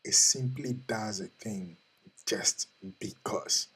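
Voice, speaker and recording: A man's voice: fairly low pitch, slow pace, pushed and bright, breathy edge, rough recording. A man hosting an earnest motivational talk, repeating questions to the listener and speaking directly to them. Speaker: host.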